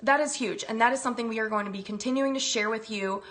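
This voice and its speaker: A bubbly, effusive woman hosting a live-stream chat, her voice sitting a touch higher than most. She greets her viewers one by one and gushes warmly into a phone mic. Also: fast talker. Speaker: wellness livestream host.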